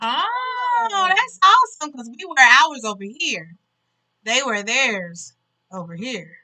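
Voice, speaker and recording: A woman's voice: sits high, very animated, slow, sharp tone. A woman hosting a casual snack-tasting vlog, exuberant and playful, talking in informal slang. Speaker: vlog host.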